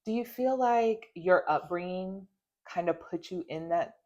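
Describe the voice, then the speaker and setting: A woman hosting a casual interview, who backs up her guest with quick agreements and asks reflective questions. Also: lowish voice, mellow, muffled recording. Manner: supportive, chiming in with quick agreements. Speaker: podcast host.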